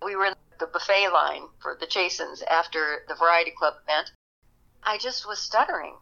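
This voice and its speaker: An older woman recalls her career as an interview guest, animated and laughing often. Her voice is fairly low yet bright and pushing forward. The recording sounds a little dull and lo-fi. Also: normal speed, vocal fry. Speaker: actress guest. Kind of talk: interview storytelling.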